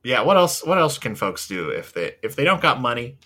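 A man's voice: mid-range voice, sing-song, a little fast, pushed and bright. A man co-hosting a podcast in casual chat, rambling with many fillers and the odd swear. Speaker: podcast co-host.

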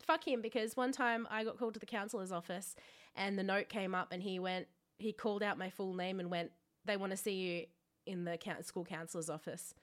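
A young Australian woman co-hosting a podcast, telling a story about herself in casual chat, self-mocking and quick to swear. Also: medium pitch, fairly even intonation. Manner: self-mocking, laughs often, swears freely. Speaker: podcast co-host.

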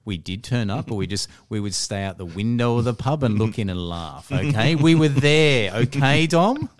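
A man with a mid-range voice, a regular on a comedy podcast. He tells absurd stories deadpan, with animated, swinging intonation. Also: mid-range voice, normal speed. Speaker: regular panelist.

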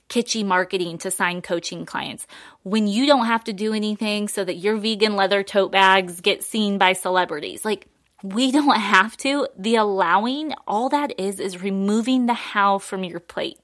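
A woman's voice: medium pitch, a bit bright, dry recording, studio quality. A woman coaching in a casual monologue, chatty and emphatic, often laughing between points.

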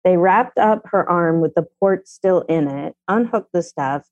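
Speaking at an unhurried pace with a fairly low pitch, a middle-aged woman, a mother and parenting columnist, recounts a family story with candor, animation, bluntness, and casual swearing. There's no echo, and the sound is dull and dry.

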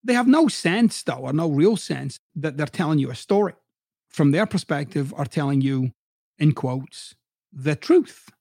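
A man's voice: a little high, animated, moderate pace, creaky, darkish tone, no room sound, studio quality. A middle-aged man who hosts a podcast and used to coach, giving a blunt, profane motivational monologue with heavy emphasis. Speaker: podcast host, former coach.

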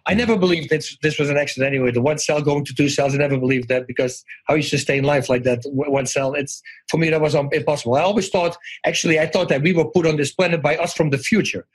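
A man telling personal stories as an interview guest, animated and acting out the voices of people he quotes. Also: fairly high pitch, fast, slightly rough, low-quality recording. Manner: animated, acts out quoted voices, restarts often. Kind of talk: conversational storytelling.

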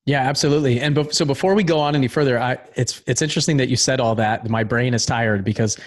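A man in his thirties hosting a podcast, talking in a relatable way with halting restarts. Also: medium pitch. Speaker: podcast host. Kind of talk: conversational interview.

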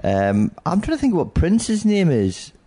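Playful rambling comedian. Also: male voice, on the high side, huge pitch swings, a little slow, mellow. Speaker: comedian guest. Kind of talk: casual podcast chat.

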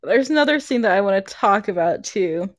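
A woman's voice: mid-range voice, expressive, fairly quick, no room sound. A young woman co-hosting a podcast, chatting casually and laughing often as she talks. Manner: giggly, laughs often while talking. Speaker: podcast co-host. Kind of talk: casual chat.

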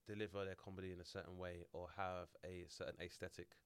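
A man, hosting a podcast and asking measured, thoughtful questions in casual chat. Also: sits low, level tone, smooth. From South East London. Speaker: podcast host.

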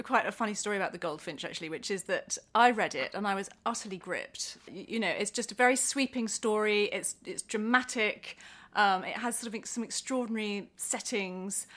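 A middle-aged woman, an author, chatting casually and telling stories with frequent laughs and restarts. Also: mid-range voice. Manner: animated storyteller, laughs often, many restarts. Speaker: author guest. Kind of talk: casual chat.

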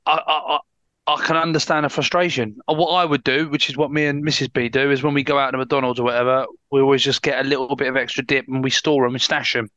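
A man co-hosting a football podcast, teasing his co-host in quick banter. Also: mid-range voice, fairly even intonation, fairly bright tone, no echo, muffled recording. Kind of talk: casual chat.

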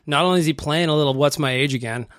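A man's voice: fairly high pitch, fast talker, fairly bright tone, no echo, studio quality. A man hosting a casual podcast, chatty and self-deprecating as he plays listener voicemails. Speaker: podcast host.

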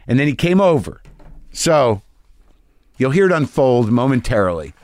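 A man hosting his podcast from a garage studio, telling a rambling, profane story with lots of excitement. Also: fairly low pitch, unhurried, long pauses, no room sound. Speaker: podcast host. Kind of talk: casual storytelling monologue.

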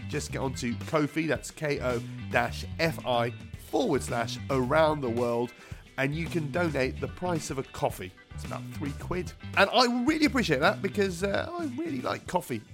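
A man's voice: a little high, expressive, normal speed. A man hosting a comedy podcast, chatty and upbeat with jokey asides. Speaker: podcast host. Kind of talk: podcast intro and interview. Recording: music bed behind voice.

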